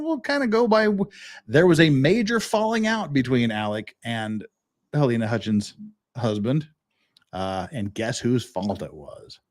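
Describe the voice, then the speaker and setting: A man's voice: mid-range voice, big pitch swings, normal speed. A man hosting a live-stream legal commentary show, ranting in a profane, sarcastic and exasperated way.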